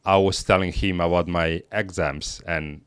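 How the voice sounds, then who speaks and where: A man's voice: low voice, steady tone, moderate pace, smooth, dry recording. A man from Spain, a native Spanish speaker, talking thoughtfully in an interview as a guest, often repeating words as he thinks. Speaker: guest, language teacher. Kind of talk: conversational interview.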